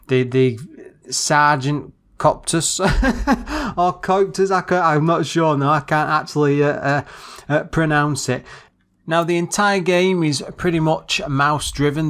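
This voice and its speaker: A man co-hosting a podcast, casually reviewing an old computer game and often stopping to search for words. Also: on the high side. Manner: halting, searching for words with many restarts. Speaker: podcast co-host.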